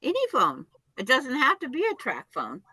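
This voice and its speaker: A woman's voice: high-pitched, wildly swooping pitch, moderate pace, bright, forceful tone, husky, no room sound, poor audio. A woman chatting on a video call who argues her point insistently with many restarts. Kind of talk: casual chat.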